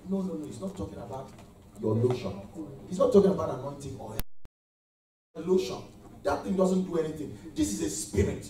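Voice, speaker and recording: A man's voice: a little high, animated, a little fast, pauses often, mellow, a little hiss or hum. A man preaching a sermon to a congregation, leading call-and-response and calling out praise between points. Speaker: pastor. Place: church hall with congregation. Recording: echoey hall, mic far off.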